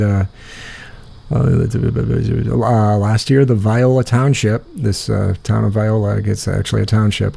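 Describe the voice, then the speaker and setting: A man's voice: medium pitch, dark tone. A man with a Midwestern American accent hosting a casual chat, rambling and thinking aloud as he looks things up. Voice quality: gravelly, husky. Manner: rambling, thinking aloud while searching online. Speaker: podcast host.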